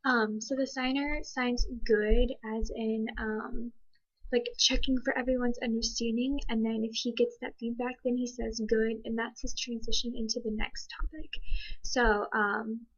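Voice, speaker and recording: Hesitant woman with a flat, lo-fi voice. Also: fairly high pitch, measured pace, breathy edge. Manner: thoughtful, hesitant, many ums. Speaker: interpreting student. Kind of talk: spoken commentary on a signed video.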